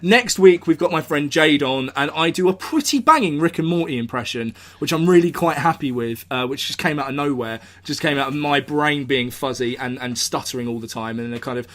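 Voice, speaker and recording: A man with an English accent hosting a casual live podcast, rambling through stories with lots of swearing and sudden shouted speeches. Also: on the high side, a little fast, few pauses. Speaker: podcast host. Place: indoors, recording live.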